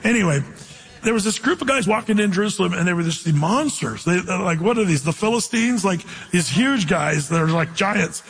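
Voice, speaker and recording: A man's voice: high-pitched, expressive, brisk, hardly any pauses, a bit bright, breathy edge, long reverb tail. A man preaching a sermon, teaching from the Bible in a conversational way with stories from his own life. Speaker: pastor.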